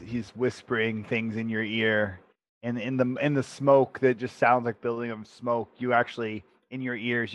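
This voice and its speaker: A man's voice: mid-range voice, a bit bright, dry recording, muffled recording. A man running a tabletop role-playing game, narrating the scene to his players in a loose, conversational way. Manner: conversational, with frequent restarts. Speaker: game master.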